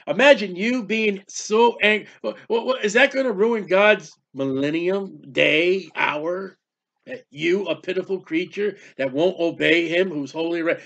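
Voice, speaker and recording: A man preaching a sermon, animated and emphatic, reading scripture aloud. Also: high voice, a little slow, vocal fry. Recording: dull lo-fi sound.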